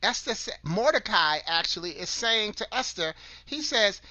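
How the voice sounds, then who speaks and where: Earnest motivational man, bright voice. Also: high voice, lively intonation, normal speed, dry recording. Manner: earnest, repeats words and restarts, asks listeners questions. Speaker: host of an online broadcast. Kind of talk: motivational talk with scripture.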